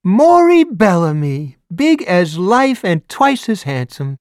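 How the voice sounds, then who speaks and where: A man doing a shrill, gushing nosy old neighbor woman. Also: sing-song, clean tone, dry recording, clean studio sound, exaggerated voice. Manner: shrill, gushing, drawn-out exclamations. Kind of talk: audiobook character voice.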